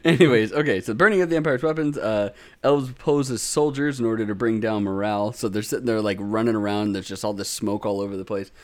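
A tired man recapping a show with a friend in casual chat, laughing often, swearing freely and acting out characters in squeaky voices. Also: fast talker. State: tired, drinking. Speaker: podcast co-host.

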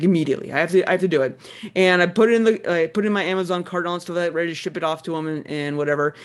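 A man co-hosting a casual podcast, rambling and animated, laughing and swearing as he reviews games. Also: sits high. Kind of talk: casual chat.

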